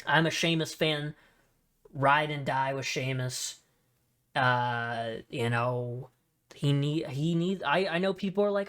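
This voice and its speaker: A man hosting a podcast in a casual solo chat, talking in an excitable, rambling way with many asides. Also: on the high side, takes it slowly, clear, resonant tone. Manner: excitable, rambling fan talk with frequent fillers and asides. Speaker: wrestling podcast host.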